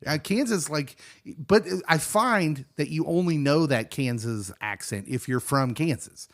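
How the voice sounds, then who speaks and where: A man co-hosting a casual chat, his pitch swinging up and down as he talks. He sounds enthusiastic and jokey, and now and then he breaks into bursts of excitement. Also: a little slow. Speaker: podcast co-host. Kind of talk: casual watch-along chat.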